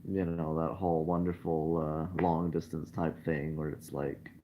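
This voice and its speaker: A man with a very low voice rambles from his bed in a casual livestream, halting, restarting and self-deprecating. The recording is dull and lo-fi, with a faint hiss beneath it. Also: level tone. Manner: hesitant, halting, lots of fillers and restarts. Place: in bed at home.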